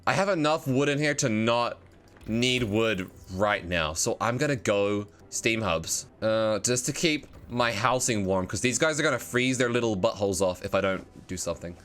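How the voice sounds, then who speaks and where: A man's voice: on the low side, animated, moderate pace, fairly bright tone. A man giving playful, joking commentary on a video game as a streamer. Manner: playful, joking, laughs often.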